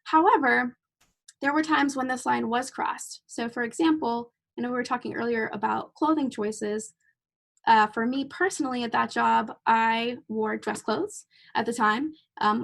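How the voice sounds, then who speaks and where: A woman in her thirties hosts a casual podcast conversation as a chatty storyteller, laughing easily as she tells her stories. Her voice sits a little high and has a gravelly, vocal-fry edge. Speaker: podcast host and clinician.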